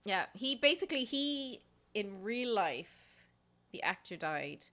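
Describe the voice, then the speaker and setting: A woman's voice: medium pitch, sing-song, slow, pushed and bright. A woman, hosting a casual podcast chat and laughing often. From Ireland. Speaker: podcast host.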